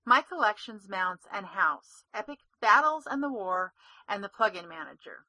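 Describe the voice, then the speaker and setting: A woman's voice: medium pitch, very animated, moderate pace, sharp tone, dry recording. A woman co-hosting a gaming podcast, chatty and giggly, often trailing off mid-sentence. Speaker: podcast co-host. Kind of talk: casual chat.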